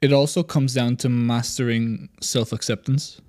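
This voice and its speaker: A man on a podcast speaking calmly and reflectively from his own experience. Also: medium pitch, normal speed, no echo, clean studio sound. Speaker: podcast guest. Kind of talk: casual podcast conversation.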